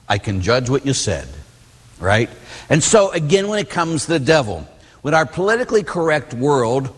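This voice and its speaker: A man who is a Catholic priest teaching a class, telling stories in a blunt, animated way. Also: fairly high pitch, normal speed, husky, big-room sound.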